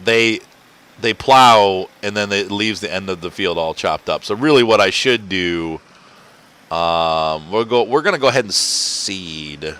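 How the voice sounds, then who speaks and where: A man's voice: sits low, a little slow, sharp tone, smooth. A man hosting a casual let's-play, rambling and chatty and laughing often as he plays at home. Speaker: gaming channel host. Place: home, indoors.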